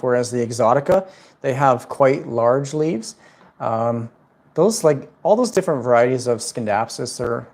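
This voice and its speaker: A man's voice: mid-range voice, darkish tone. A man hosting a casual plant livestream from home, chatting loosely with viewers in a rambling way. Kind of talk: casual livestream chat answering viewer questions. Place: at home indoors.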